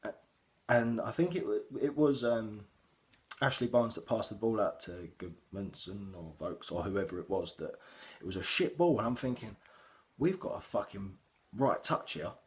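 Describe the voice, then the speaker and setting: A man's voice: on the low side, normal speed. A young man gives a casual, sweary, rambling reaction to a football match he watched as a fan. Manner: heavy swearing, animated, rambling with fillers.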